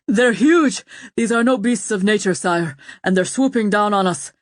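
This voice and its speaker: A woman's voice: mid-range voice, moderate pace, no echo, studio quality, pitched above the performer's own voice, natural voice. A woman voicing an alarmed male army captain who reports in an urgent, raised voice.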